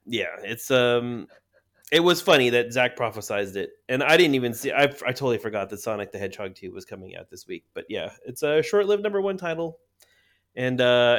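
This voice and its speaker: A man's voice: medium pitch, fairly bright tone. A man hosting a casual podcast, talking loosely with lots of fillers and asides. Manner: loose, rambling, hesitant fillers. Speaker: podcast host. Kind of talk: casual chat.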